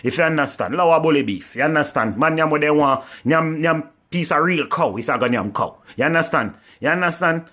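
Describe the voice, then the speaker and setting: Fast-talking Jamaican man with a sarcastic rant. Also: a little high, bright, forceful tone. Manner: keeps tagging lines with "you understand"; mocking, repeats "well done". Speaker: vlogger.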